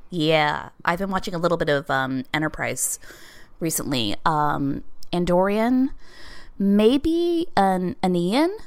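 A woman chatting casually on a podcast, animated and talkative with many fillers. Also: fairly low pitch, takes it slowly, clear, resonant tone.

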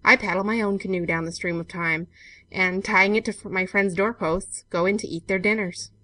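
A woman reading aloud, voicing a scheming young male gentleman with a drawling, sardonic manner in an audiobook. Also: mid-range voice, fairly even intonation, moderate pace, dry recording, natural voice. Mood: teasing.

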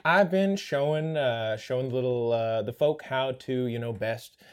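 A man's voice: medium pitch, moderate pace, clear, resonant tone, lightly acted. Man playing a folksy cowgirl Barbie. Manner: folksy, rambling with fillers. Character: easygoing cowgirl Barbie at a petting zoo.

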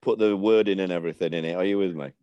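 Low-voiced man telling stories. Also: very fast, dark tone, no echo, dull audio. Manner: rambling, stops and restarts. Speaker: interview guest. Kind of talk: casual storytelling.

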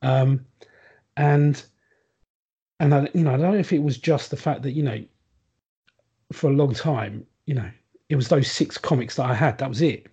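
A man's voice: medium pitch, normal speed, long pauses, mellow, husky, highs cut off. A man chatting casually on a podcast, rambling with lots of ums and restarts. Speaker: podcast guest. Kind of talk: casual chat.

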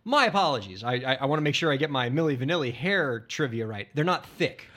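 A man's voice: mid-range voice, sing-song, fast talker, sharp tone. A man co-hosting a casual podcast, explaining things plainly and bantering with his co-host.

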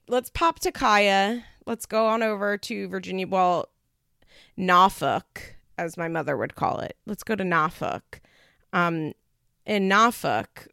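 Chatty young woman host, gravelly fry, dry close recording, laughs often. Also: lowish voice, dry recording. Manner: chatty, laughing, animated quoting of others. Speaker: podcast host recapping a reality show. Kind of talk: casual chat.

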